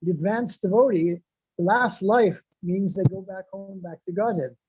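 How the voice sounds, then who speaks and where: A man's voice: high-pitched, measured pace, a little mellow, husky, dry recording. A man giving a devotional sermon, repeating phrases for emphasis and reciting Sanskrit verses. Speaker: devotional speaker. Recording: dull lo-fi, dry sound.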